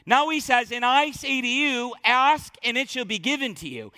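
A man's voice: very high voice, expressive, normal speed, few pauses, sharp tone, in a large hall. A male pastor preaching a sermon, emphatic and repeating phrases for stress.

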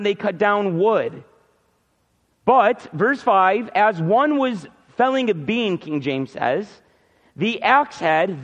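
A man preaching a sermon in a casual, conversational way, acting out the lines of biblical characters. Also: high-pitched. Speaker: pastor. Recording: reverberant, dull hall sound.

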